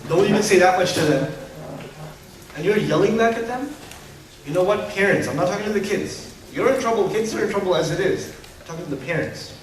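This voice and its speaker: A man giving an Islamic lecture to a live audience in an animated, humorous way, full of rhetorical questions. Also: high-pitched, fairly quick, crowd noise. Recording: echoey hall, distant mic.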